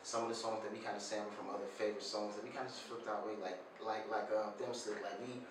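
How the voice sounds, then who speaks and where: A laid-back man from Chicago chats in an interview and fills his talk with little fillers. His voice is low and rough from the morning. He is picked up from a distance in a very echoey room with a clear hiss of noise behind him. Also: little pitch movement, fast. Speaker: singer being interviewed. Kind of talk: casual interview chat.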